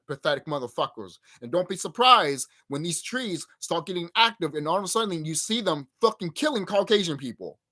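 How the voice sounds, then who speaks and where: A man hosts his own channel and delivers an emphatic, profane rant in reaction to a clip. His voice swings widely in pitch as he pushes his points hard. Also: bright, forceful tone. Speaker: channel host.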